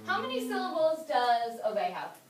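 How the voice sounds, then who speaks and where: A woman's voice: high-pitched, wildly swooping pitch, normal speed, crowd noise. A woman teaching a classroom lesson, upbeat and encouraging, asking lots of questions. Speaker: English teacher. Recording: echoey classroom from far off.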